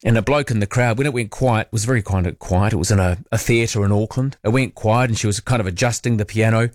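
A man's voice: lowish voice, quick pace, darkish tone, no room sound, clean studio sound. A man with a New Zealand accent hosting talkback radio, chatting casually, reading out listener texts and drifting into rambling asides. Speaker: radio host. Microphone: studio mic.

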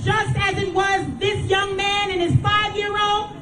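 A woman's voice: very high voice, flat delivery, unhurried, over music. A woman, a borough president, giving an outraged, rallying speech outdoors at a street rally. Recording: echoey outdoor crowd recording.

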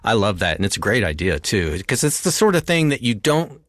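Guy hosting a music radio show, lowish voice, dry close studio sound, chatty and into it. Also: sing-song, a little fast, a bit bright, no room sound. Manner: enthusiastic, conversational, shifting pitch. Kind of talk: casual music chat.

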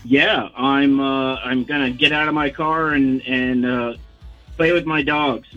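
A man's voice: mid-range voice, steady tone, unhurried, faint music behind. Male radio caller on a dull line. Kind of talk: phone call to a radio show. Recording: dull phone-call audio.

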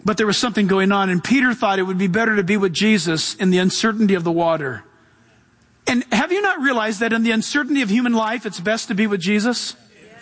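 A male pastor delivers a sermon in a notably high voice. He preaches with animation and slips into voices for the people in his stories. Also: brisk, a bit bright, in a large hall.

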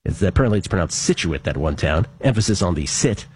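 Husky-voiced man hosting sports radio. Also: low voice, lively intonation, quick pace, a little mellow. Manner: chatty, reads listener messages with wry asides. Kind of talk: casual sports talk radio.

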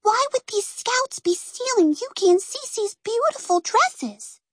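A woman voicing a clever, cautious young girl spy in a storybook, with a squeaky, urgent way of talking. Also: lively intonation, takes it slowly, fairly bright tone, no echo, clean studio sound, full character voice.

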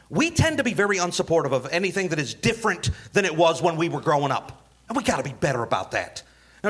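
A man's voice: on the high side, a bit bright. A man in a comedy set, speaking in an earnest, reflective way.

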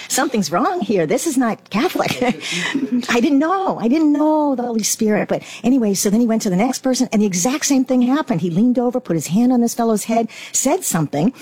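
A middle-aged woman giving a lively personal testimony, acting out her own past reactions as she tells it. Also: lowish voice, no echo. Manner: animated storyteller, acts out her past self. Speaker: guest.

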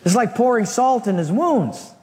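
A man preaching a sermon, telling a Bible story in an animated way with humorous asides. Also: very high-pitched, moderate pace, long reverb tail. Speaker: pastor.

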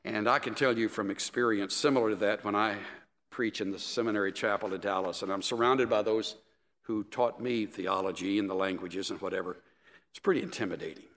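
A male pastor preaching a sermon in a measured, emphatic way. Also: on the low side, steady tone, fairly bright tone. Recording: echoey hall with long reverb.

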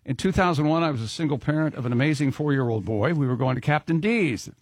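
A man on a radio show reads listener letters in a somewhat high, husky voice, chuckling as he goes. The sound is close and dry, straight from a studio mic. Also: expressive, quick pace, dry recording. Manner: chatty, laughs while reading letters. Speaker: radio show co-host reading listener mail. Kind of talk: casual radio banter.

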